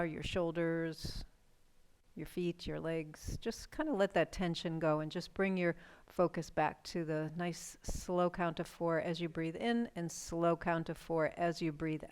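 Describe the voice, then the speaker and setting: Gentle woman guiding a chair yoga class. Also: fairly low pitch, clean tone. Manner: calm, gentle cueing with casual asides and yawns. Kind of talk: guided class instruction.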